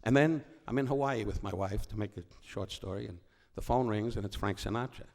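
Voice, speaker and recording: An older man with a low, gravelly voice, telling stories from a stage. He rambles and wisecracks, breaking off mid-sentence to start over. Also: a little fast, a little mellow. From New York. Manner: rambling, self-interrupting, wisecracking. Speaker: comedian guest. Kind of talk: on-stage storytelling conversation. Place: stage before a live audience.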